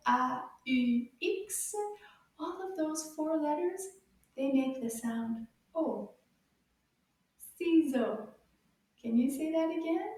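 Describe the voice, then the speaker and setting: A woman teaching French words to young children, who repeats each word slowly and encourages them to say it after her. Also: sits high, far from the mic. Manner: slow, animated, repeats words for children to copy. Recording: echoey room, voice from off-mic.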